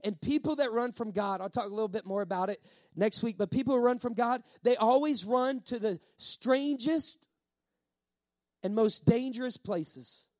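A male pastor preaching a sermon, emphatic, repeating key lines and slowing down on words for effect. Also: sits high, darkish tone, dry recording.

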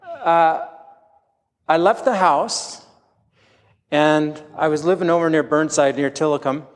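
A man's voice: a little high, slow pace, big-room sound. A middle-aged man preaching a sermon as pastor, telling candid, self-deprecating stories from his own life.

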